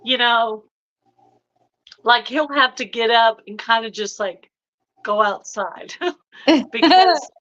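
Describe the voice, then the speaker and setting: A woman hosts a casual live chat, her voice bright and pushed, with a fairly high pitch. She rambles at an unhurried pace with plenty of fillers. The audio is dull and lo-fi. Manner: chatty, rambling, with frequent laughs and fillers. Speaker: livestream host.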